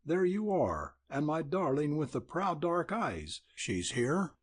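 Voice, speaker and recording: A man's voice: fairly high pitch, very animated, slow, slightly rough, voice pushed up, heavily acted. A man reading an audiobook, voicing a weak, earnest young male cavalryman in a raised, strained voice.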